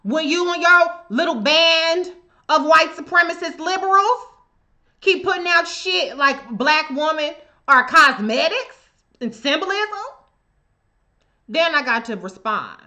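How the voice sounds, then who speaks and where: A woman with a high, bright voice hosts a live stream, talking back to her commenters in a blunt, confrontational, profanity-laced way. She hits her points hard and keeps the commentary heated. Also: expressive, unhurried. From United States. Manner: addresses commenters directly. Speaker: livestream host.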